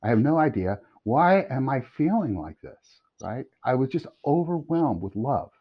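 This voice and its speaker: Animated male storyteller, lo-fi. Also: mid-range voice, moderate pace, slightly rough. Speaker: podcast guest, songwriter. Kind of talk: storytelling anecdote. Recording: dull lo-fi audio.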